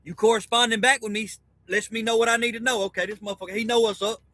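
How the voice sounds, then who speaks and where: High, bright-voiced man ranting profanely. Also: steady tone, quick pace, dry recording, low-quality recording. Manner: profane, conspiratorial, repeats okay constantly. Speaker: self-styled teacher. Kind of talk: rambling spoken monologue reading a document aloud.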